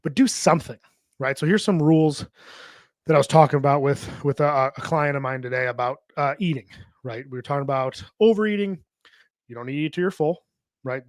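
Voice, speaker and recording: A man with a fairly high voice hosts a fitness podcast, talking in a blunt, profane, tough-love way. He speaks straight into a podcast microphone, and the sound is close and completely dry. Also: a little fast, dry recording. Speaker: podcast host and fitness coach. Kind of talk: podcast monologue.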